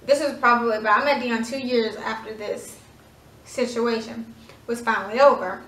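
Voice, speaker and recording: A woman's voice: a little high, steady tone, moderate pace, fairly bright tone. A woman in her twenties, chatting dramatically through a casual storytime with lots of fillers. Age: 20s. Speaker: vlogger. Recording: echoey room, voice from far off.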